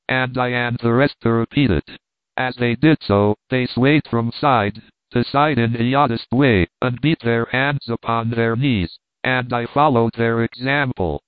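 A man narrates a story in a steady, measured voice of middling pitch. The sound is thin and phone-like, and it is dry and close, with no room around it. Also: smooth, no echo. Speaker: audiobook narrator. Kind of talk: scripted narration. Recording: tinny phone-like dry recording.

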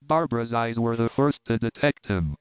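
Smooth-voiced male audiobook narrator. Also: medium pitch, moderate pace, no room sound. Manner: steady, even storytelling. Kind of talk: scripted narration. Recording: thin phone-like sound.

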